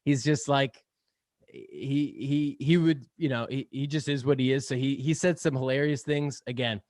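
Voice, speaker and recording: A man's voice: medium pitch, fairly even intonation, moderate pace, darkish tone, dry recording, studio quality. A young man speaking as a podcast guest in casual interview chat, rambling with lots of fillers, laughing often and swearing casually. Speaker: podcast guest, sales podcast host.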